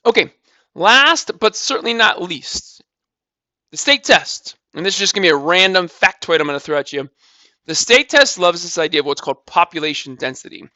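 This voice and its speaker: A man's voice: high-pitched, expressive, normal speed, bright, forceful tone, no echo, highs cut off. A man teaching a recorded math lesson, walking through calculations step by step in a casual way and repeating numbers.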